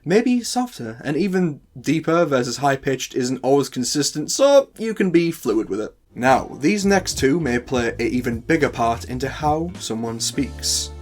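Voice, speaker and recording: A man's voice: medium pitch, sing-song, unhurried, hardly any pauses, darkish tone, faint music behind. A man with a northern English accent hosting a tutorial, chatty with playful asides. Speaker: host. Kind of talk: tutorial talk to camera.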